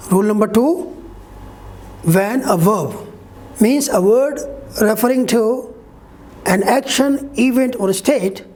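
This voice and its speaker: With a mid-range, darkish voice, a woman leads an online English pronunciation lesson. She explains each rule in sequence, spells letters out, and keeps asking "Okay?" to check in.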